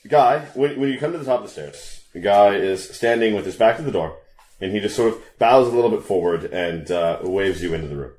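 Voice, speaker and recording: Low-voiced man at a game table, wry and dry, roomy echo. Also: lively intonation, fairly quick, darkish tone. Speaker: player. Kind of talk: casual tabletop play.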